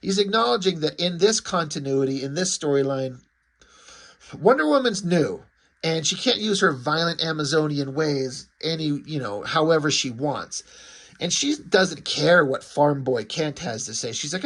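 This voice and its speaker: A man's voice: a little high, expressive, moderate pace, a bit bright. A man giving a casual, rambling spoken review of a comic book, with lots of filler words. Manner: rambling, uses lots of "like" and "you know".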